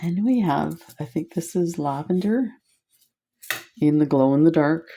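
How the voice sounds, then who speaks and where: Woman, low pitch, slow unhurried delivery, mellow tone, gushing beading host. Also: breathy edge. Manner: gushing, excitable, laughs often. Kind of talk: casual product showcase vlog.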